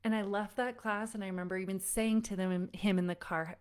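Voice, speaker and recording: A woman's voice: mid-range voice, fairly even intonation, fairly quick, clear, resonant tone. A woman parenting coach giving a live online workshop. She speaks straight to her listeners and calls them friends, telling stories conversationally with frequent "like"s.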